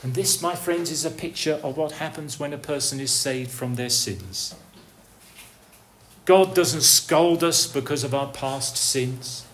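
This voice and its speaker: A man delivers a sermon in an unhurried, deliberate cadence, his voice sitting a little high for a man. He peppers the congregation with rhetorical questions, dropping to a near hush and then rising to a call. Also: a little hiss or hum. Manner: slow, earnest preaching with rhetorical questions; swings from soft, hushed lines to raised, calling ones. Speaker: preacher.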